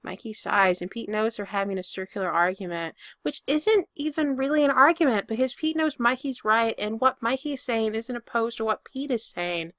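A woman reading fiction aloud as narrator in an even, intimate storytelling manner. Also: a little high, moderate pace, few pauses, no room sound, clean studio sound.

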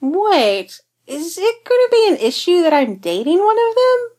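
A woman's voice: a little high, sing-song, moderate pace, voice pushed up. A woman reading a fan story aloud and voicing a playful, flippant young woman who teases everyone. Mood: playful teasing. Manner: teasing, flippant, bubbly. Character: young woman, sassy and playful office worker. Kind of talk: fan fiction audiobook reading.

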